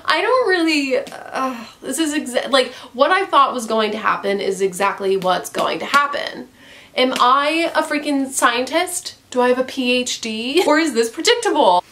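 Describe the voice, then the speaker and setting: A woman's voice: sits high, lively intonation, moderate pace, sharp tone. A woman vlogger giving a casual, profane book review rant, using "like" constantly. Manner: frank and profane, heavy use of "like".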